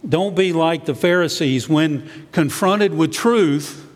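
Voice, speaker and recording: A man's voice: fairly high pitch, slow, big-room sound. A man, a church elder, preaching a sermon in a conversational way, sometimes acting out what the disciples said.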